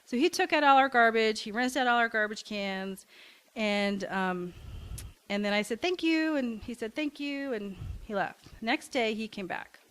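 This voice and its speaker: A middle-aged woman from Kentucky who founded and directs a nonprofit community café gives a talk to a congregation, telling a story warmly with frequent "um"s and restarts. Her voice is a little high and clean-toned, at a moderate pace.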